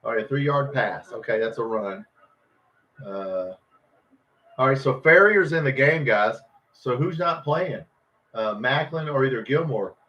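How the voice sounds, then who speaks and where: Yelling at the screen, this man hosts a live football watch party and swears at players and referees out of frustration with every play. His mid-range voice has lively intonation and a slightly slow delivery, captured in dull lo-fi stream audio.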